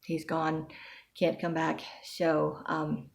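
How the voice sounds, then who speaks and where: Low gravelly lady rambling in her video diary, anxious and chatty. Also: completely flat delivery, slow. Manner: anxious, chatty, self-reassuring. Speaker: vlogger.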